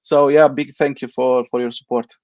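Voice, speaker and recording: A man's voice: medium pitch, little pitch movement, a little mellow, no room sound. Italian-accented man on a dull dry line. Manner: earnest, grateful, halting phrasing. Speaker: live stream co-host. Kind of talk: casual live stream chat.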